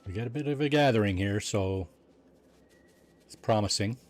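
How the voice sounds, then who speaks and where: A man's voice: on the low side, normal speed. A man chatting casually while livestreaming a game, reading chat aloud and joking with his viewers. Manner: chatty, reads chat aloud, jokey asides. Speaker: streamer.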